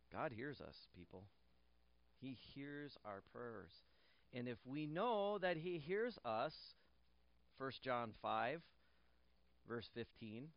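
A man's voice: mid-range voice, vocal fry, no room sound, muffled recording. Man preaching with rising emphasis. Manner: animated preaching with repeated phrases and restarts; jokes lightly with the congregation. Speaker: pastor. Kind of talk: sermon. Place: church.

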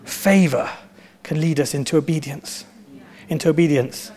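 A man preaching a sermon as pastor, with animated storytelling and emphatic repetition. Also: a little high, moderate pace.

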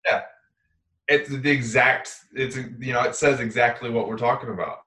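A man's voice: medium pitch, fairly even intonation, moderate pace, pushed and bright. A man co-hosting a casual podcast conversation, talking in an earnest, rambling way and often correcting himself mid-sentence. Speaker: podcast co-host. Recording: roomy echoey room.

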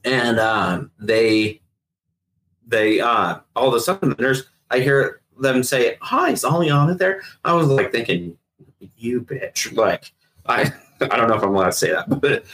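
In a low-quality recording, a middle-aged former sheriff's investigator recounts events in a casual interview with laughs, voicing other people's lines. He speaks a little slowly in a medium-pitched voice.

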